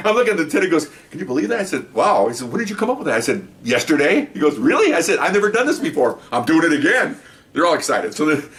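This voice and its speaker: A rapid-fire man spins a casual story on his own podcast. He rambles, doubles back, and jumps into lively voices for the people he quotes, all at a middling pitch. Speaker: podcast host, former police supervisor.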